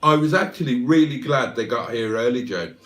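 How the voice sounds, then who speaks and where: A man's voice: mid-range voice, lively intonation, fairly quick, a bit bright, far from the mic. Rambling man, set back from the mic. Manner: rambling, wry storytelling with self-mocking asides. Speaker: livestream host. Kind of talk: casual livestream chat.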